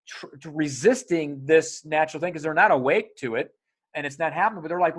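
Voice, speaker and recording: A man hosting a podcast in casual conversation, energetic, swearing freely and acting out quotes of other people. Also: a little high, fast talker. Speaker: podcast host.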